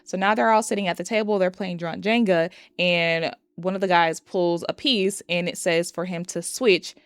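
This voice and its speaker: A woman's voice: fairly low pitch, smooth, dry recording, clean studio sound. A young woman casually recapping and reviewing a movie, chatty and profane, retelling scenes dramatically.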